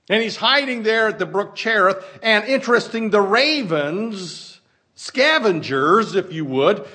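A man's voice: sits high, a bit bright. A man preaching a sermon, reading scripture and putting folksy rhetorical questions to his listeners. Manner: reads scripture in a slow, emphatic cadence. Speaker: pastor.

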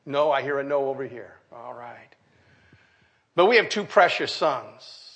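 A man's voice: medium pitch, expressive, unhurried, a bit bright. An older man, a pastor, preaching a folksy sermon with jokes and asides to his congregation.

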